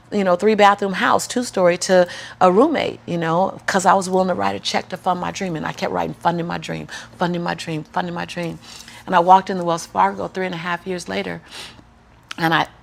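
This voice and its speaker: A middle-aged woman telling her life story as a guest in an interview, animated and building to preacherly peaks. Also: fairly low pitch, gravelly. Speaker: motivational speaker, guest.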